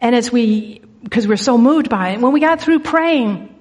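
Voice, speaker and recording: High, husky woman preaching. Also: animated, normal speed, darkish tone, in a large hall. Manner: earnest storytelling with frequent restarts. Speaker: church speaker. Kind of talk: sermon testimony and prayer.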